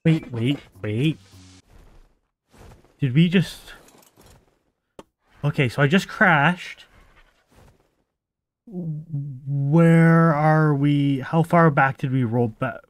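A slightly high-voiced man speaks extremely slowly with long pauses, faint music playing behind him. He hosts his own gaming channel, chatting casually with viewers as he plays and growing exasperated whenever things go wrong.

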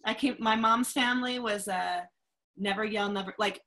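A woman's voice: mid-range voice, steady tone, normal speed. A woman hosting a podcast, speaking candidly and openly about her own experiences. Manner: candid, open, soft-spoken reflection with laughs. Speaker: podcast host. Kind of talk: interview conversation.

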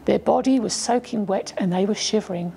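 A woman reading her own children's story aloud as a storyteller, gently voicing the children's lines. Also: medium pitch, fairly quick, creaky, slight background noise. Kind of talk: storybook narration.

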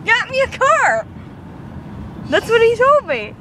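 Excitable, disbelieving woman; high, animated, unhurried delivery. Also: background noise. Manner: excitable, disbelieving, quick to laugh. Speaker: prank target. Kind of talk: casual chat.

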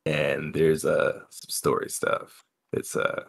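A man's voice: rumbling low, monotone, takes it slowly, gravelly. A man hosting a casual gaming podcast, joking around and repeating lines for laughs. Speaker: podcast host. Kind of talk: casual chat.

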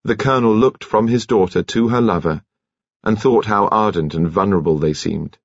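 A deep, husky male voice narrating an audiobook with measured, expressive storytelling. The sound is dry and close, slightly dulled in its highs. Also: no echo, muffled recording.

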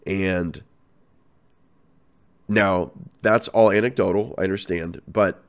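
Man, podcast host, deep voice, has a cold, rambling, profane, animated rant. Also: slow pace, clear, resonant tone. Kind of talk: casual ranting commentary.

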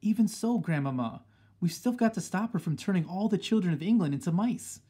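An eager, excitable young boy who has been turned into a mouse, read by a man. He pleads and pushes his point in a slightly higher voice with some huskiness to it. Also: brisk, slightly rough.

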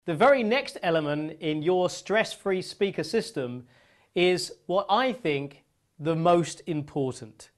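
A man teaches public speaking in a lesson style, his voice sitting a touch high for a man. He swings from fast, loud, punchy bursts to slow, drawn-out phrases that drop close to a whisper, with long pauses between them. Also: lively intonation. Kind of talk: presentation lesson demonstrating vocal variety.

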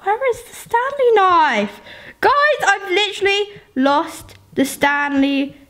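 Woman, high voice, unhurried, chatty let's-play commentary, excitable, talks to viewers. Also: slight background noise. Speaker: gaming YouTuber.

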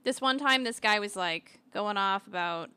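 A young woman with a Canadian accent chatting loudly and animatedly while streaming a game, often laughing as she tells stories. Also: mid-range voice, normal speed, clear, resonant tone, dry recording. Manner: animated, loud, laughing storyteller. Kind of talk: casual gaming stream chat.

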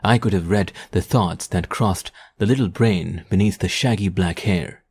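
Low, husky male audiobook narrator. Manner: measured, descriptive storytelling. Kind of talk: scripted narration.

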